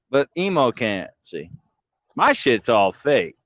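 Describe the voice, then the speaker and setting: A man livestreaming, ranting theatrically with heavy swearing and mockery, jumping from mutters to shouts. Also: mid-range voice, sing-song, normal speed, dry recording, dull audio. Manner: theatrical, swings from mumbling to shouting. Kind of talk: profane livestream rant.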